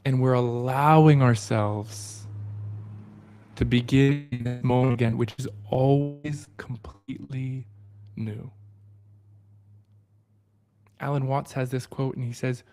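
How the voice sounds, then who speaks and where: A man hosting a livestream book study, talking in an earnest, reflective way and often dropping to a soft, low voice. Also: steady tone, measured pace.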